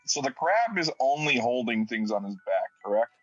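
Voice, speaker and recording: A man playing in a tabletop game, talking in a quick, joking way. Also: mid-range voice, very animated, faint music behind. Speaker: player. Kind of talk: casual tabletop play. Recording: dull lo-fi audio.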